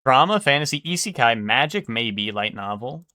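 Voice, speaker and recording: A man's voice: medium pitch, expressive, normal speed, sharp tone, dry recording, studio quality. A young man streaming live, thinking aloud and guessing in casual, swearing chatter.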